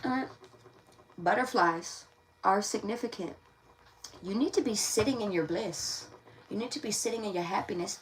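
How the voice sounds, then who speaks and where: A woman's voice: mid-range voice, normal speed, pauses often. Brief: woman tarot reader on a casual livestream, talkative and repetitive, slightly off-mic with faint background noise. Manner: chatty, repeats phrases, laughs often. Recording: voice a bit distant from the mic.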